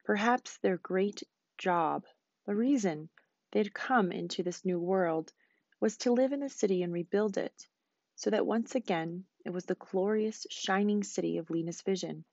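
A woman teacher reading a novel aloud, quick and expressive. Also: medium pitch, dry recording, highs cut off.

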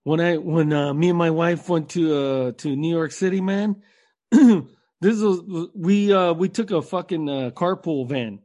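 A man's voice: fairly high pitch, unhurried, dark tone. A man co-hosting a podcast, talking casually and rambling with lots of swearing. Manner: profane, rambling, says bro and man. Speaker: podcast co-host. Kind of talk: casual chat.

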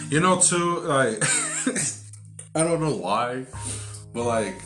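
A man's voice: on the high side, very animated, extremely slow, a bit bright, reverberant, faint music behind. A man chatting casually as a podcast co-host, rambling with lots of fillers and swearing. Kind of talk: casual chat.

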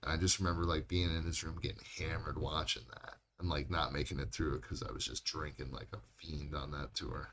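A man's voice: very deep voice, flat delivery, brisk, hardly any pauses, fairly bright tone, slight background noise. A man co-hosting a podcast, telling rambling, profane stories in casual chat. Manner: rambling, swears a lot. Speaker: podcast co-host.

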